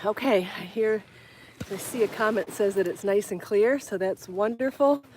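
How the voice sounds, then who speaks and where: Out on a walk to the beach with her bike, a woman hosts a live stream, speaking casually into a phone she holds in her hand. Her medium-pitched, slightly mellow voice moves at a moderate pace; she's chatty and apologetic, laughs often, and sounds out of breath. Some light background noise can be heard as this podcast host vlogs live.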